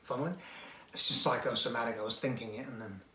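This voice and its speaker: A man's voice: medium pitch, fairly even intonation, fast, sharp tone, slight background noise. Rambling male reviewer, echoey room. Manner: rambling, digressive, self-deprecating. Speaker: magic product reviewer, show host. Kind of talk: casual product review.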